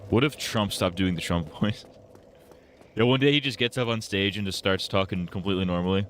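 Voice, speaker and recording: A man's voice: low voice, fairly quick, a little hiss or hum. A man streaming a game, rambling casually and swearing constantly. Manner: profane, rambling, muttered curses. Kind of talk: casual livestream commentary while gaming. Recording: loud game gunfire behind.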